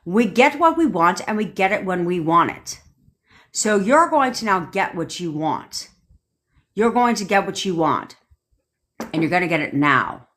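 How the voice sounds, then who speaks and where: A woman's voice: lowish voice, very animated, measured pace, fairly bright tone. A woman coaching viewers on a livestream, blunt and commanding, swearing often as she gives instructions. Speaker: manifestation coach. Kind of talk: livestream pep talk. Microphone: phone.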